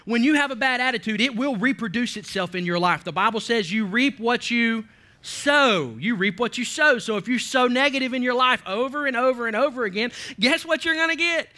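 A man delivers a church sermon in a high, bright, forceful voice. He preaches with emphasis, repeats key phrases and often restarts his sentences as he presses each point home. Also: a little fast. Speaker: pastor.

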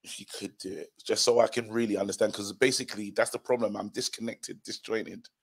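A man's voice: on the low side, fairly even intonation, brisk, creaky, slightly rough. A man co-hosting a casual football chat, teasing and playful. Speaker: podcast co-host.

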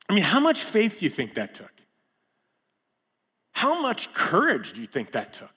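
Animated conversational male preacher. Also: high voice, husky. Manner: animated, rhetorical questions, conversational asides. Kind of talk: sermon.

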